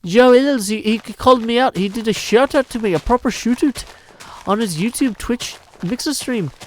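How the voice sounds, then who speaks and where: A man's voice: normal speed, slight background noise, low-quality recording. A man voicing an imagined stream viewer who gossips and teases in a raised, bouncy voice. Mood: teasing gossip. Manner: high, loud, bouncy mimicry.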